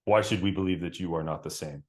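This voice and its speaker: A man's voice: sits low, quick pace, a little mellow, close to an everyday voice. A man voicing a suspicious male archer who leads a hidden forest guard. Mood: stern. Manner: commanding, suspicious.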